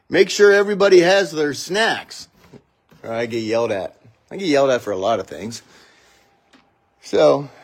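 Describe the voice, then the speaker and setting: Male pastor, middle-aged, casual chatty delivery, joking asides, fairly high voice, getting over a cough. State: recovering from a cough. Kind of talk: casual morning livestream chat.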